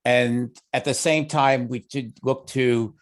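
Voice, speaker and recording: A man's voice: medium pitch, steady tone, slow pace. A man with a Long Island accent chairing a committee meeting in an easygoing, conversational way, thinking aloud as he talks. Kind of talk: meeting discussion.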